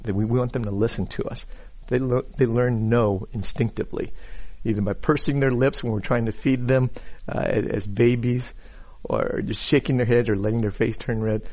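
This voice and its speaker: A man who is a pastor, delivering a sermon in an unhurried way, often repeating words as he thinks and reading scripture aloud. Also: medium pitch, steady tone, a little mellow, dull audio. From Chinese background.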